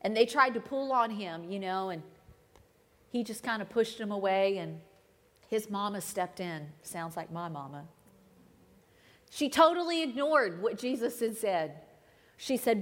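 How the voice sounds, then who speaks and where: A woman's voice: medium pitch, expressive, a little slow, pauses often. Woman preaching in a reverberant church. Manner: conversational, dramatic shifts between loud and hushed. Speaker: guest preacher. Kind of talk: sermon. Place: church sanctuary. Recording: long hall reverb.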